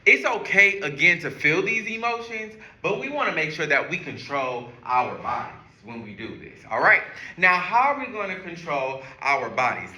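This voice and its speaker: A man leading a classroom through calming exercises, speaking slowly with a very bright, lively voice. His pitch moves a lot as he guides everyone step by step. The sound carries the echo of a roomy classroom. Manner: guides a group through breathing and counting. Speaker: teacher. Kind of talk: classroom lesson on calming strategies. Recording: echoey room.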